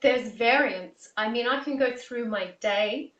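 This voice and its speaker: A woman's voice: fairly high pitch, a little slow, fairly bright tone, highs cut off. Australian woman with an echoey, distant sound. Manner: earnest, explains with spoken examples. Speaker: vocal coach. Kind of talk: interview guest explaining. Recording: roomy echo, mic at a distance.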